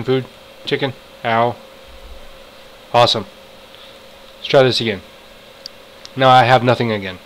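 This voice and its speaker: A man talking through his own game session in an unhurried, drawn-out way, mostly muttering to himself. He breaks into frustrated outbursts and excited shouts as things go wrong or right. A faint hum sits under the voice. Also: medium pitch, low-quality recording. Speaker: gamer. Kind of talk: casual gameplay commentary.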